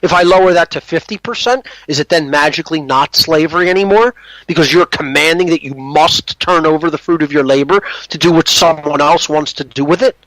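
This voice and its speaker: A man's voice: fairly high pitch, fairly quick, fairly bright tone, no echo, rough recording. A man from the United States, a podcast guest, giving an impassioned monologue, emphatic and often asking "okay?" as he repeats and restarts phrases.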